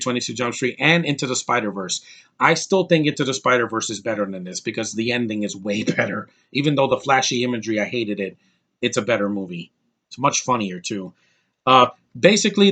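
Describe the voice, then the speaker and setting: A man's voice: medium pitch, fairly bright tone. Casual male reviewer in his thirties, rambling and blunt, swears freely, ordinary mid-range voice. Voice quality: rambling, blunt and profane, with frequent restarts. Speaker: movie reviewer. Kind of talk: casual spoken movie review.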